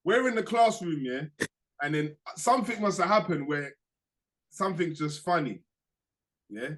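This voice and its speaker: A young man, co-hosting a podcast and telling a school story in a casual, slangy, animated way. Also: a little high, normal speed. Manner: animated, acts out quoted voices, slangy. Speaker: podcast co-host.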